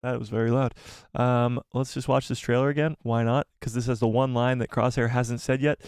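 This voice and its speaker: A man's voice: mid-range voice, fairly quick, clear, resonant tone, dry recording, clean studio sound. Chatty, laughing live-stream host man. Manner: animated, self-deprecating, laughs often. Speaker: livestream host. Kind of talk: casual live-stream chat.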